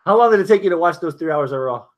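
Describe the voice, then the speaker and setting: A man's voice: a little high, animated, very fast. A man co-hosting a wrestling podcast in casual chat, dry and teasing, running through the match card. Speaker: podcast co-host.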